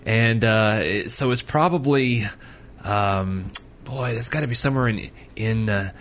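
A man's voice: mid-range voice, unhurried, a bit bright, a little hiss or hum. A man playing along as a quiz panelist, stumbling through his guesses with repeated words. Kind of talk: casual quiz banter.

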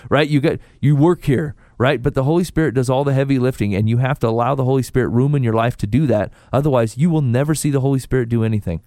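Man, podcast co-host, casual faith chat, storytelling, dry close sound, mid pitch. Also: no room sound. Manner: storytelling, animated quoted asides.

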